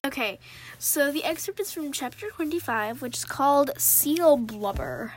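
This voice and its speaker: A woman's voice: high voice, animated, unhurried. A young female speaker chatting casually about a book and reading an excerpt aloud. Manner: chatty, filler-heavy. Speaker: book reviewer.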